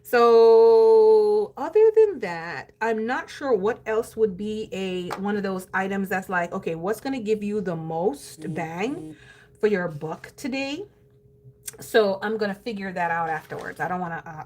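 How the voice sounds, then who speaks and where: A woman's voice: mid-range voice, animated, a little slow, darkish tone. A woman chatting casually with her viewers while planning her day, calling them "y'all" and laughing easily. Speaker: planner vlogger. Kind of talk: casual live-stream chat.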